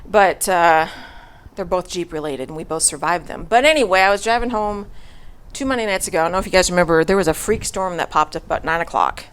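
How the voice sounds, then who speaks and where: A woman's voice: on the low side, quick pace, fairly bright tone, clear, resonant tone. A middle-aged woman telling a story to her church congregation in a chatty way, with laughs, fillers and restarts. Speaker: church speaker. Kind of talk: casual storytelling message to a congregation.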